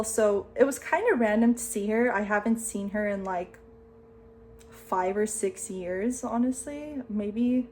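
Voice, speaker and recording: A woman in her late twenties, a vlogger telling a story to the camera in a chatty, excitable way, saying "like" a lot. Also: mid-range voice, moderate pace. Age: 20s.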